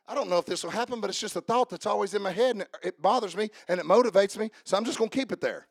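A man's voice: high-pitched, racing, no room sound, studio quality. A man preaching a sermon as a pastor, emphatic and rousing.

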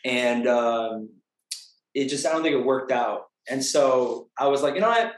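A man's voice: medium pitch, fairly even intonation, measured pace. Chatty man in an echoey room. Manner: upbeat, chatty, with hesitant "uh" and "um" restarts. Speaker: music producer and artist interviewed about an album. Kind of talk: casual interview talk.

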